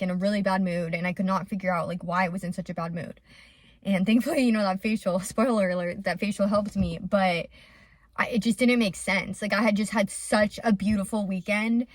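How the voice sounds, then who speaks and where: A woman's voice: mid-range voice, dry recording, studio quality. A young adult woman talking openly to her viewers in a confessional vlog. She rambles and fills her speech with "like". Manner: rambling and open, with many "like" fillers. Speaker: vlogger and small business owner.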